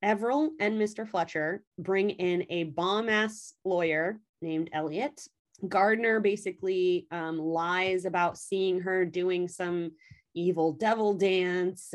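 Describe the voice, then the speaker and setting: A woman in casual chat, animatedly retelling a story's plot and swearing freely as she quotes the characters. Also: mid-range voice. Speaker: podcast co-host recapping a story.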